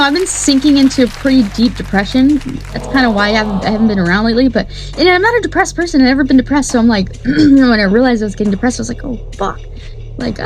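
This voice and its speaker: Rambling, laughing woman host. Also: a little high. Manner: rambling, laughing, swearing freely. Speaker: podcast host. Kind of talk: casual solo commentary. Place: her home studio.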